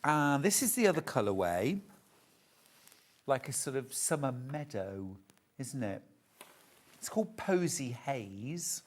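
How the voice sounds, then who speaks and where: A man hosting a live shopping show, unhurried yet gushing over every item. His pitch swoops up and down in a lively, animated way. He is chatty and warm toward viewers, with plenty of delighted asides. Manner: gushing, chatty and enthusiastic about fabrics. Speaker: home shopping presenter. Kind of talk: live shopping channel presentation.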